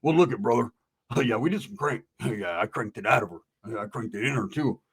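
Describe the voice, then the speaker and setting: Man putting on a scrawny white tweaker, drawling, goading, deeper and quieter than the narrator, calls everyone brother. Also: animated, brisk, slightly rough, full character voice. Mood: boastful. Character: skinny wiry white male tweaker, provoking.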